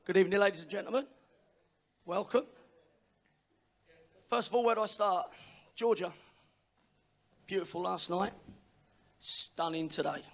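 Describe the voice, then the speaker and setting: A middle-aged man, the father of the groom, giving a wedding speech, emotional and pausing to sigh. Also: sits high, vocal fry. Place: wedding reception hall.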